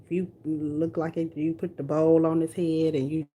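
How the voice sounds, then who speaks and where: A woman's voice: deep voice, little pitch movement, moderate pace, warm tone, a little hiss or hum. A woman with a light country twang, chatting casually on a livestream while she works on a reborn doll. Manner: chatty, talks while rooting doll hair.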